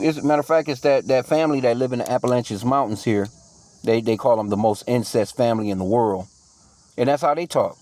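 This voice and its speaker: A man giving casual scripture teaching in a mid-range voice. He reads verses aloud in a measured way, then drifts into loose, profane street talk. His delivery is full of fillers and restarts. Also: mid-range voice, darkish tone. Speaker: bible teacher.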